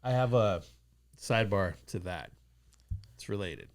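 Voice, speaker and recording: A man's voice: fairly low pitch, lively intonation, a little slow. A man co-hosting a podcast in casual chat, tossing in wry, teasing asides. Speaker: podcast co-host.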